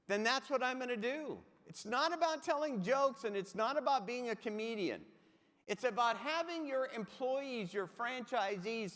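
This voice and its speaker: A man's voice: high-pitched, fairly bright tone. A man giving a humorous keynote talk, telling comic anecdotes and speaking straight to his audience. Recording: long hall reverb.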